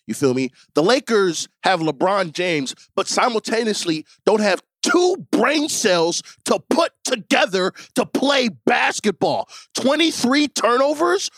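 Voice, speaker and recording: A man's voice: high-pitched, fairly bright tone, dry recording. A man, a guest on a sports podcast, delivering an exasperated comedic rant full of rhetorical questions. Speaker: guest ranting about his team.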